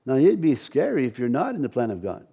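Pastor guy w ojibwe accent, warm mellow tone, lots of restarts n fillers. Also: mid-range voice, sing-song, vocal fry, husky. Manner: halting, many restarts and fillers. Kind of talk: sermon with scripture reading.

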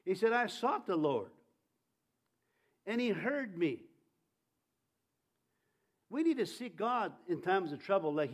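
A man preaching a sermon in a high voice, fervent and rousing. He calls on the congregation to answer him and repeat his lines. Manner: fervent, leads congregation in call-and-response.

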